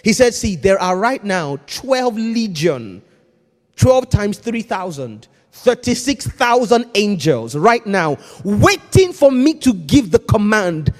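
A man preaching a sermon, swinging between hushed intensity and shouting. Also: sits high, very animated, slow, long reverb tail.

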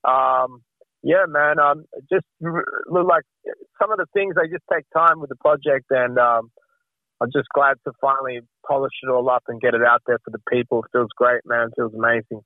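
A relaxed man chats about his work in a casual interview, trailing off with ums. His voice comes down a narrow, tinny phone line. The sound is dry and close. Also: mid-range voice, moderate pace, no echo. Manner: relaxed, many ums, says mate. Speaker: guest rapper.

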